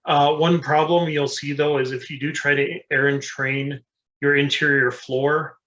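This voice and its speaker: A man's voice: a little high, level tone, a little slow, bright, forceful tone, dull audio. A man co-hosting a casual engineering discussion, talking plainly and practically with some fillers. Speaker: co-host.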